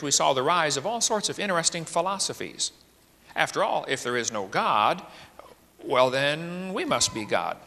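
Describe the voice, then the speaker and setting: A man preaches with a bright, forceful tone and a voice that swings up and down, folksy and fond of asking the crowd questions. His words ring out under the long echo of a large hall. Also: mid-range voice. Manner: folksy, joking, full of rhetorical questions. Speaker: creationist speaker. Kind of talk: evening sermon-style lecture.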